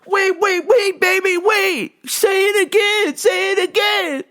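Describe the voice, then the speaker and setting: A woman putting on a high, sugary voice for a pushy, rude churchgoing woman customer who calls everyone baby, drawing out her demands. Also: a bit bright, full character voice. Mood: shouting. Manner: drawn-out, demanding, condescending.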